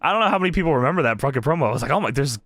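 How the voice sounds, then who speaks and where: A man's voice: medium pitch, lively intonation, very fast, a bit bright, no room sound. A man co-hosting a casual wrestling podcast, laughing often and swearing as he retells a show. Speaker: podcast co-host. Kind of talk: casual chat.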